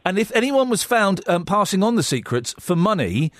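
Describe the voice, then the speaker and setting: A man's voice: high-pitched, sing-song, normal speed, a bit bright, dry recording. A middle-aged man hosting a radio phone-in, rambling and playful, full of jokes. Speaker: radio host.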